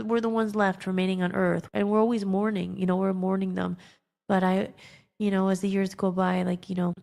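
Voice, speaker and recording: A woman's voice: mid-range voice, creaky, darkish tone. A woman hosting a podcast, telling an emotional personal story in a rambling way, with many fillers and restarts. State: tearful at times. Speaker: podcast host.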